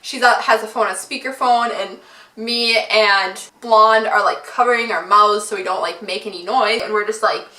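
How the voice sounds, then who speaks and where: A young woman vlogger telling a funny story, animated and giggly, often breaking into laughter. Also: mid-range voice, moderate pace, echoey room, distant mic. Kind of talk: storytime vlog.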